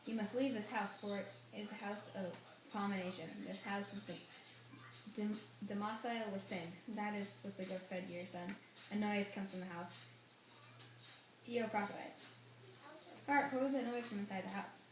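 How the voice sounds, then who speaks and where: A woman's voice: medium pitch, steady tone, moderate pace. A young woman reading all the parts of a play script aloud for a class, with mild emphasis. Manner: reads stage directions and lines with mild emphasis. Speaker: student reader. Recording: echoey room, faint noise.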